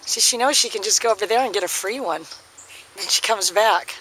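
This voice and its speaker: A woman training a dog outdoors talks casually behind the camera, her voice tired and a bit worn. Her pitch swings widely, jumping into bright singsong praise whenever she calls the dog. Faint background noise sits under her voice. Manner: switches to high singsong praise when calling the dog. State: losing her voice.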